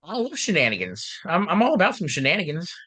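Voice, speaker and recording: A male podcast host chatting casually, joking and filling with "uh", his voice a little deeper and rough after being ill. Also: wildly swooping pitch, fast talker, pushed and bright, no room sound. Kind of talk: casual chat.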